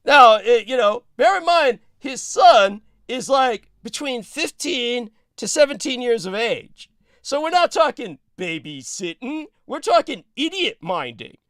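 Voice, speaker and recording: A man's voice: very high-pitched, big pitch swings, a little slow, a bit bright, no room sound, clean studio sound. A man hosting a talk show, telling digressive anecdotes in a casual, profane way and laughing between sentences. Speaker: podcast host. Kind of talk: rambling anecdotal storytelling.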